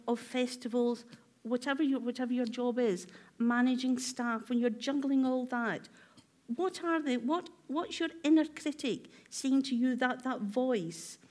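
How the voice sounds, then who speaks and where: A woman's voice: high voice, measured pace, darkish tone. A woman therapist giving a workshop talk, asking her audience many reflective questions in a conversational way with filler ums.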